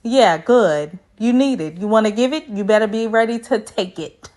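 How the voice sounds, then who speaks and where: A woman's voice: mid-range voice, a little mellow. Sassy chatty woman recapping TV. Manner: sassy, chatty, talks straight to viewers; retells scenes in quick back-and-forth dialogue. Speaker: reality TV recap host. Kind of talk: casual recap commentary.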